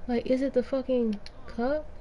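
A woman's voice: high-pitched, steady tone, moderate pace, warm tone, dull audio, faint music behind. A young woman streaming a life-sim game, giving casual, exasperated running commentary and swearing often.

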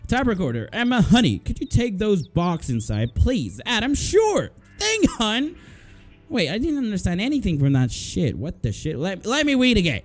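High-voiced joking young man gaming. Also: huge pitch swings, moderate pace. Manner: loud, joking, swears a lot, laughs often. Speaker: gaming video host. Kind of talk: let's play commentary. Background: game music.

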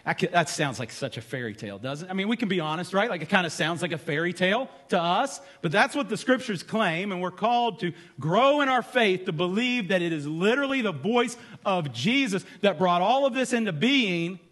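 Man, sermon, slightly high voice, conversational, candid asides, drops quiet for emphasis. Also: expressive, fairly quick, hardly any pauses. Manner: conversational preaching, drops low and soft on key words. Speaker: pastor. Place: church.

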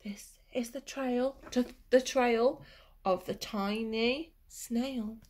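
A woman reading a picture book aloud to children in a gentle, sing-song way, stopping to ask them questions and sometimes dropping to a whisper. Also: fairly high pitch, slow.

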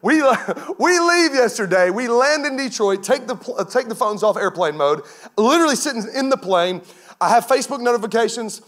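Man in his thirties, guest pastor, high voice, energetic storytelling sermon. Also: normal speed.

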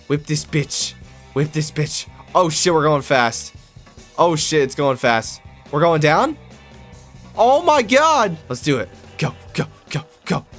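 A young man giving loud, excitable gameplay commentary, swearing and yelling at the game as he plays. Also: on the high side. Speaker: gaming YouTuber.

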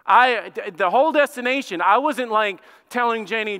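A man, a pastor, telling a lively story in a sermon and acting out both sides of it. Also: high voice, normal speed, hardly any pauses, smooth, big-room sound. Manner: animated, acts out both sides of his own story. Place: church sanctuary.

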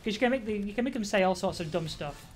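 A woman live-streaming a game, chatting casually with her viewers, reacting out loud, swearing and laughing often. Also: mid-range voice, animated, quick pace, faint music behind. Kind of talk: casual gaming commentary.

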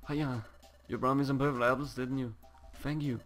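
A man's voice: medium pitch, steady tone, moderate pace, fairly bright tone, faint music behind, natural voice. A man voicing a cheerful, childlike Pokemon guildmaster who gushes and repeats his words in a game. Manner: sing-song, gushing, repeats words.

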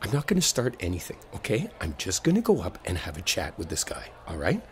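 Swearing protective boyfriend, lively voice. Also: male voice, low voice, quick pace, a little hiss or hum. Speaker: ASMR audio performer playing a protective boyfriend. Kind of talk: boyfriend role-play audio.

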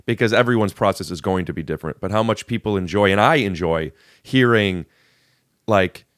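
A man hosts a podcast interview, his questions halting and often restarted midway. His voice is on the low side. The recording is dry and close, with no room sound. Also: dry recording. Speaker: podcast host. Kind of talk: interviewing a guest. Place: podcast studio.

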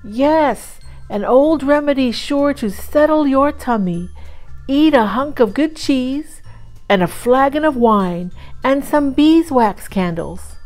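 A woman's voice: medium pitch, big pitch swings, a little slow, a little mellow, faint music behind, low-quality recording. A woman voicing a prim, cheerful storybook duck with a lofty, chirpy manner.

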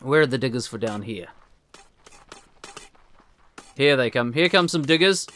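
A man hosts a let's play, talking to himself as he plays and poking fun at his own mistakes. His pitch jumps around a lot, set at an average level for a man. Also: animated, unhurried, a bit bright, a little hiss or hum. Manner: rambling, self-deprecating, talks to himself. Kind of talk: casual gameplay commentary.

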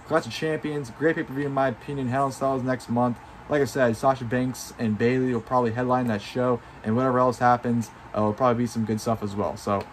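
A man reviewing a wrestling show in a casual vlog. He talks excitedly, swears freely and leans on fillers like "you know". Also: mid-range voice, a little hiss or hum.

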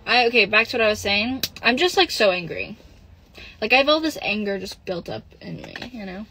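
A young woman on a phone livestream, venting and close to tears, halting, with lots of "like" and "literally" as she reads comments. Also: medium pitch, lively intonation, gravelly, sharp tone, a little hiss or hum, low-quality recording. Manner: frequent "like" and "literally", halting and upset. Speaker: livestream host. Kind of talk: casual livestream chat, reading comments.

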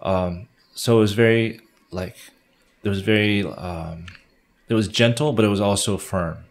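A man in his thirties, a missionary guest in an interview, telling animated stories with many restarts. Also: on the low side, measured pace. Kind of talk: conversational interview.

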